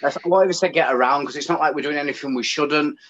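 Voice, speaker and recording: A man's voice: on the high side, quick pace, slight background noise. A man with an English accent, chatting casually as a guest and ranting with feeling. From United Kingdom. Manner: animated, ranting. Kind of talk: casual chat. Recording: dull lo-fi sound.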